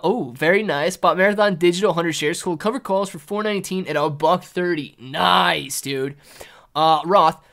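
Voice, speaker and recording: A man's voice: high voice, fairly bright tone. A man hosting a live stream in casual chat. He reads viewer comments aloud, answers them, and calls people dude and man. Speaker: livestream host.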